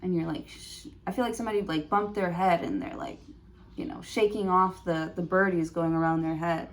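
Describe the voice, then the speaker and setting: A woman's voice: fairly low pitch, fairly even intonation, a little fast, slight background noise. A woman giving a prerecorded tarot reading, thinking aloud with many fillers and restarts. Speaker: tarot reader.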